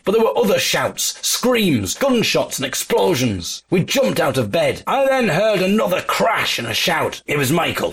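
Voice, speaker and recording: A man with an English accent recording a spoken audio diary in a hotel room, storytelling wryly and deadpan with mock-dramatic emphasis. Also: fairly high pitch. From England. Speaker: folk musician and audio diarist. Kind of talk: casual spoken diary with dry humour.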